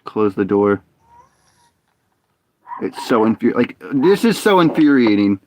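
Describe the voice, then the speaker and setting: A man's voice: on the low side, big pitch swings, a little slow, darkish tone. A man streaming a game live, muttering and complaining in frustration as he plays. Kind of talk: live gameplay commentary.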